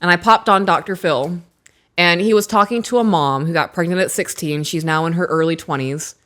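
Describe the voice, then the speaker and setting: A woman in her thirties co-hosting a podcast, chatting casually, reading aloud from a book and acting out what people said in animated stories. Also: fairly low pitch, a little fast. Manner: animated storyteller who acts out quotes. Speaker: podcast co-host.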